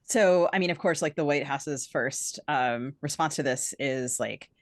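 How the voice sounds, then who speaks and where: Low-voiced woman co-host, chatty. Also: unhurried, no room sound. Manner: chatty, with frequent filler "like". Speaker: podcast co-host. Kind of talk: casual interview chat.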